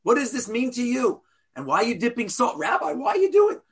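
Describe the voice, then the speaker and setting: A man voicing a pestering dinner guest who keeps firing insistent questions in a whiny, high voice. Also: sing-song, fairly quick, husky, heavily acted.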